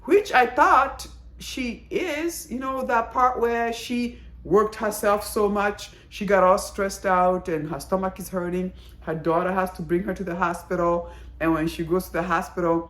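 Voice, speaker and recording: A woman giving a casual, chatty video review of a drama, talking in an animated, exclaiming way. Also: fairly low pitch, roomy sound.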